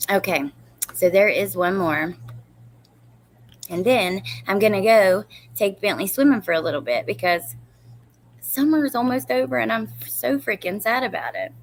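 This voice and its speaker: A woman's voice: medium pitch, lively intonation, normal speed, a little hiss or hum. A woman in her thirties hosting a casual true crime livestream, rambling and greeting viewers by name as she reads their comments.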